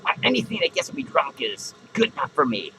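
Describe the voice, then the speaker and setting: A man doing a gravelly drunk clown. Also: mid-range voice, huge pitch swings, fairly quick, background noise. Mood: drunken rambling. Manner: slurring, rambling, swearing constantly. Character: drunken foul-mouthed adult male clown, hot-tempered. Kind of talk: improvised character comedy monologue.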